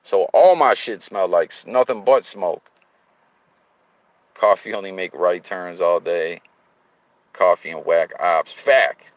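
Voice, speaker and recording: In a car while driving, a livestream host reads viewer comments aloud in loose, slang-heavy chat punctuated by sudden hyped bursts. He has a deep voice and a measured pace with frequent pauses, in a rough recording with no room sound.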